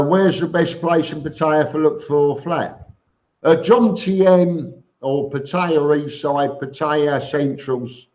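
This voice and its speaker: A man hosting a casual live stream, greeting viewers by name and answering their questions with chatty, joking asides. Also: fairly high pitch. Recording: dull lo-fi stream audio.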